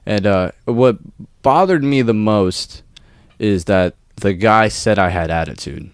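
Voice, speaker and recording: A man's voice: on the low side, slow pace, clear, resonant tone, no room sound, clean studio sound. A young man co-hosting a podcast, telling a work story in casual chat, swearing freely and acting out quotes. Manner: profane, animated storytelling with acted quotes. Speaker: podcast co-host.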